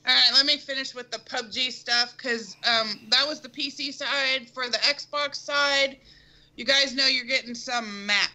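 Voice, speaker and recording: A woman co-hosting a podcast in casual chat, giving gaming news in a brisk, matter-of-fact way. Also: sits high, sharp tone. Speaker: podcast co-host.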